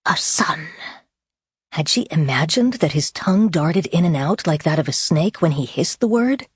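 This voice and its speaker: Woman audiobook narrator, low, husky voice, dry close sound. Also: animated, a little mellow, no room sound. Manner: measured, deliberate storytelling.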